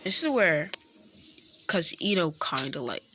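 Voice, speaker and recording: A woman rambling through a fan-story retelling, halting often and mixing up names. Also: lowish voice, sing-song. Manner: halting, full of restarts and name mix-ups. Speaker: storyteller vlogger. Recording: loud background noise.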